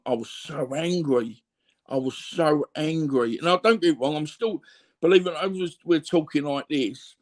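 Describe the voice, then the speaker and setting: A middle-aged Cockney man telling blunt, rambling stories as an interview guest, full of fillers and repeats. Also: a little high. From London, England. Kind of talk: candid conversational storytelling.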